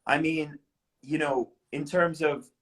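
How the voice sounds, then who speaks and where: A young adult man, an actor and dialect coach, chatting in a relaxed, playful way on a live video stream. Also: fairly high pitch, slow. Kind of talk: casual live-stream chat. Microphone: phone on a live video stream.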